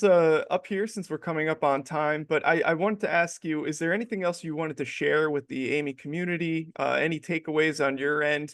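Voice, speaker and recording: Male interview host, encouraging, some vocal fry, dry sound. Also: on the high side, dry recording. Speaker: podcast host. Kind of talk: interview conversation.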